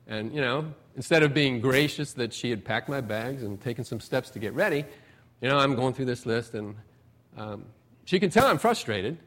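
A middle-aged man, a pastor, preaching a conversational sermon with folksy personal stories. He pushes up for emphasis, then lets phrases trail off softly. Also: mid-range voice, lively intonation, normal speed.

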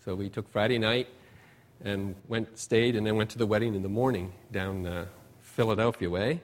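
A middle-aged man, a pastor, preaching a conversational sermon with folksy personal stories. He pushes up for emphasis, then lets phrases trail off softly. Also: on the low side, steady tone, normal speed.

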